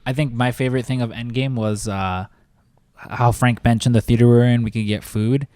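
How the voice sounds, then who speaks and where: A male podcast guest telling anecdotes in a relaxed, casual way, swearing now and then. The recording is dry, with no room echo. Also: mid-range voice, a little fast. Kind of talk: casual chat.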